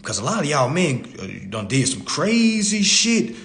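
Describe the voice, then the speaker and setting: A man's voice: on the high side, very animated, measured pace, vocal fry, a bit bright. A man giving a casual live-stream talk into a phone, blunt and preachy, repeating his points and cursing freely.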